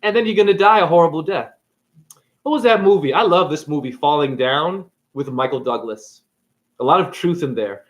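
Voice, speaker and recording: A man ranting casually on camera, retelling a movie with profanity and acting out its characters in quick bursts. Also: a little high, dull audio. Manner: profane, animated, acts out characters. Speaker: spiritual video creator.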